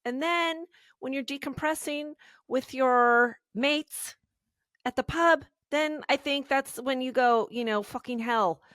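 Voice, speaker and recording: A woman's voice: high voice, slow, fairly bright tone, no echo, clean studio sound. A woman co-hosting a podcast, chatting casually with blunt opinions. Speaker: podcast co-host. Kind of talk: casual chat.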